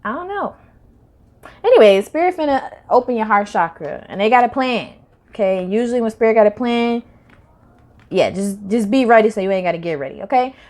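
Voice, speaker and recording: A woman's voice: on the high side, animated, brisk. Slangy woman giving a tarot reading. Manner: slangy, rambling, swings loud and soft. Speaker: tarot reader. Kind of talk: casual spiritual reading to camera.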